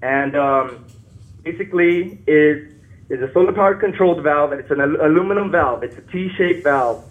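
A nervous, shaky man calling into a show, talking haltingly, apologizing and restarting his sentences. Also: fairly high pitch. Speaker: caller. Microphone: phone. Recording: tinny phone line.

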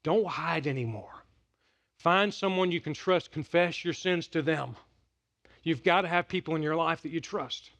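A middle-aged pastor with a drawl preaches a sermon in a fairly high voice. He tells his stories with animated energy, going loud and excited, then dropping to a hush. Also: moderate pace, creaky. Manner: animated storytelling, swinging from loud and excited to hushed and quiet.

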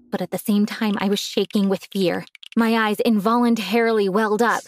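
A woman reads a first-person story aloud with a calm, earnest delivery. Her voice sits at an ordinary mid pitch, steady and clear for a storybook narration. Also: a little fast, a little hiss or hum.

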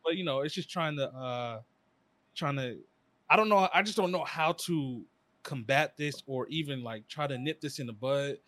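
A young man chatting casually as a podcast co-host, rambling through stories with slang and sudden animated bursts. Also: mid-range voice, moderate pace, no room sound. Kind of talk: casual chat.

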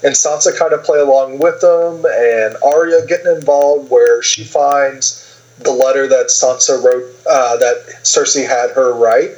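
A man's voice: mid-range voice, unhurried, highs cut off. Rambling man recapping a TV season. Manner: rambling, many fillers, lively retelling with put-on quotes. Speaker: podcast co-host. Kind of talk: casual TV recap chat.

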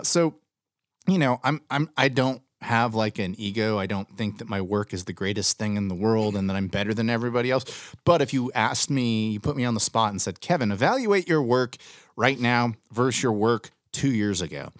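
A man's voice: lowish voice, no room sound, clean studio sound. A man hosting a casual podcast chat, talking bluntly and ranting with plenty of swearing. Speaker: podcast host.

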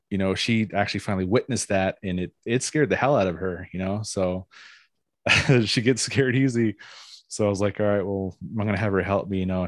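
Deep-voiced man telling a rambling story. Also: no echo. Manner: rambling, full of "you know" fillers, laughs now and then. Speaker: guest telling a personal story. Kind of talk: casual first-person storytelling.

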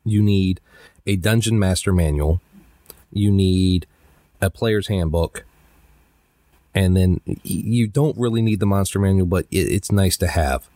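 A man's voice: low voice, unhurried, long pauses, warm tone, dry recording, clean studio sound. A man co-hosting a casual podcast chat, laughing and teasing his co-host.

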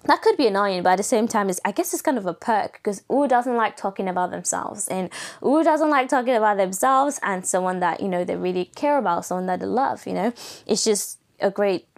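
A woman's voice: animated, a little fast, gravelly. A young woman hosting a casual solo podcast, chatting with an American-leaning accent and laughing often. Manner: chatty, laughs often, acts out quoted people in higher voices. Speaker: podcast host.

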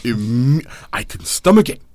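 A young man telling a personal story in casual chat, animated and acting out quotes. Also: normal speed, very noisy. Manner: animated, acts out quotes in high voices.

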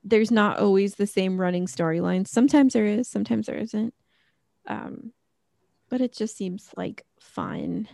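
A woman's voice: mid-range voice, unhurried, gravelly, a little mellow, dry recording. A middle-aged woman co-hosting a podcast, chatting casually and rambling with lots of fillers. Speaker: podcast co-host. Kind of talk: casual chat.

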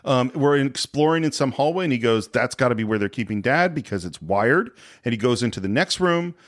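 A man hosting a casual film podcast who retells the scenes in an animated, giggly way. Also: medium pitch, a little fast. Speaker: podcast host. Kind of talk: casual film-recap chat.

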